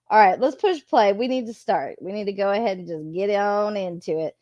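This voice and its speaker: A woman's voice: medium pitch, moderate pace, darkish tone, no echo, muffled recording. A woman chatting casually as a streamer, laughing often and swearing freely. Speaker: streamer reviewing a video. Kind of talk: casual commentary.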